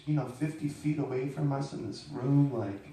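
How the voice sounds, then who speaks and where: A man's voice: mid-range voice, moderate pace, mellow, far from the mic, slight background noise. Rambling man telling a story, echoey room. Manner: rambling, self-deprecating, with many restarts. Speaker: storyteller speaking to an audience. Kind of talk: personal storytelling to a live audience.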